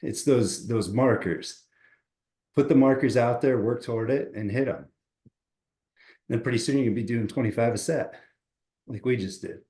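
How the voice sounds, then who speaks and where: Man, motivational guest, encouraging, roomy echo, middle pitch. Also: normal speed, pauses often. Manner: upbeat, counts push-ups loudly and out of breath. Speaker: podcast guest, motivational coach. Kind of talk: casual podcast chat.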